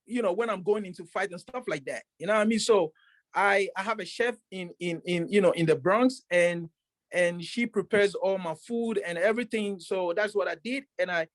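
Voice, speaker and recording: A professional boxer telling a story in a casual interview, rambling with many fillers and restarts. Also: male voice, high voice, moderate pace, dry recording.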